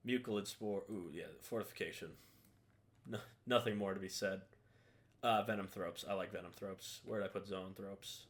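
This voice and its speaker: Low-voiced man ranking models casually. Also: normal speed. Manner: relaxed, offhand, says "eh" and "uh" often. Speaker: hobby video creator. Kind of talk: casual tier-list commentary.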